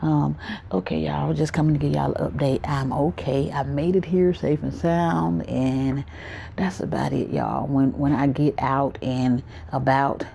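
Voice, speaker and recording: A vlogger rambles casually to the viewers, addressing them directly. The voice is gravelly with a lot of vocal fry and sits at a middling pitch. It is recorded on a handheld phone, with a faint hiss underneath. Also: fairly even intonation, measured pace, dark tone. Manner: loose, rambling, talks straight to the viewers. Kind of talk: casual vlog talk to viewers.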